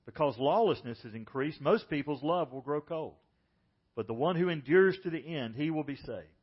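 A man's voice: animated, normal speed, slightly rough. A middle-aged man preaching a sermon as pastor, telling the story vividly and acting out the voices he quotes. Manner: storytelling, acts out quoted speakers with lifted pitch. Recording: dull lo-fi church audio.

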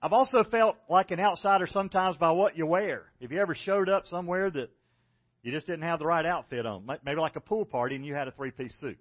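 A South Carolina pastor with a Southern drawl delivers a folksy, self-deprecating sermon. His voice sits high for a man. The recording sounds dull and lo-fi. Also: quick pace. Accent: Southern American. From South Carolina, United States.

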